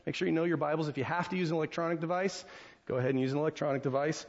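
A man's voice: on the high side, fairly even intonation, racing, lo-fi sound. An American man preaching a sermon as pastor, conversational, with frequent restarts and rhetorical questions to the congregation. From United States.

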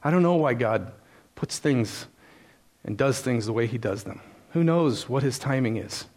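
A man's voice: mid-range voice, expressive, normal speed, a little mellow. Plain-spoken man preaching a sermon. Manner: conversational storytelling that builds into earnest preaching; frequent "uh" and "and so" fillers. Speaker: pastor.

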